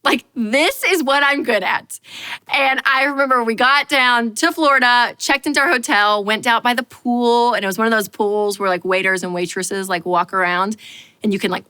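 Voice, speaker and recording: A woman hosting a show, telling a personal story in a lively, self-mocking way with lots of fillers. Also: medium pitch, moderate pace, clear, resonant tone. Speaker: host.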